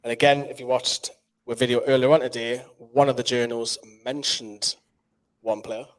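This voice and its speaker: A man's voice: mid-range voice, steady tone, moderate pace. A man with a Geordie accent hosting a casual live quiz, chatty and explaining the rules at length. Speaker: quiz host.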